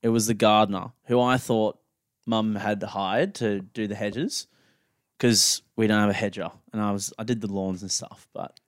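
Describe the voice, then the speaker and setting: A man's voice: fairly low pitch, fairly even intonation, normal speed, no room sound, clean studio sound. Blunt Australian man on a podcast. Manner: blunt, swears freely, mimics people in anecdotes. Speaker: podcast co-host. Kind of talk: casual podcast banter and storytelling.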